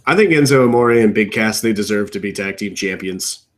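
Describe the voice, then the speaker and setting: A young podcast co-host riffs casually on wrestling from his home computer, briskly and opinionatedly rambling in a lowish voice. When something annoys him his pitch jumps up, and each thought sinks back down, trailing off low at its end.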